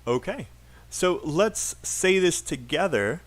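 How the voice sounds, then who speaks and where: A man's voice: on the high side, expressive, unhurried, fairly bright tone. A man with a British accent teaching a live online IELTS class, patiently drilling sentences aloud and encouraging students.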